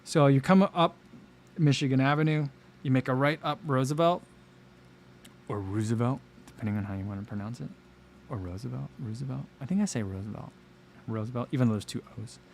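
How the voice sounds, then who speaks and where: A chatty man in his thirties hosts a relaxed livestream. His voice sits at an ordinary middle pitch, and he rambles loosely, with many restarts, as he answers viewers. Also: quick pace, slight background noise. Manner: rambling, chatty, reads viewer comments aloud. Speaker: livestream host. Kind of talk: casual livestream chat.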